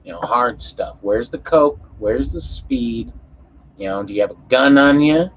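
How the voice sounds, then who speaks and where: A man voicing a laid-back stoner police officer who talks in a mellow, falsely friendly way. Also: medium pitch, lively intonation, unhurried, vocal fry, slight background noise. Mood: easygoing. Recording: muffled lo-fi audio.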